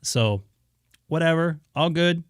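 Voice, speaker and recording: A man's voice: on the high side, lively intonation, takes it slowly, clean tone, no room sound, clean studio sound. A man chatting casually to viewers on his amateur radio live stream, rambling with many fillers in an easygoing way. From Southern California.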